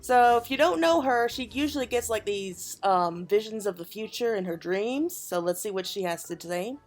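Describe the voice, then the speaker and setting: A woman's voice: mid-range voice, expressive, normal speed, hardly any pauses, soft background music. A woman hosting a gaming channel, chatting casually and upbeat as she plays through a quest, thinking aloud as she goes. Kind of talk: casual gameplay commentary.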